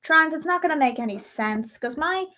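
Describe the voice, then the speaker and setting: A woman's voice: high voice, animated, normal speed, bright, forceful tone. A young woman chatting casually on her livestream, rambling and often breaking off to restart her sentences. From Ireland.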